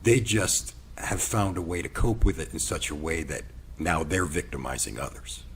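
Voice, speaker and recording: Man, very low gravelly voice, lively storytelling, faint background noise. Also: normal speed. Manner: animated, acts out quoted dialogue. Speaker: podcast host. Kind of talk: personal storytelling monologue.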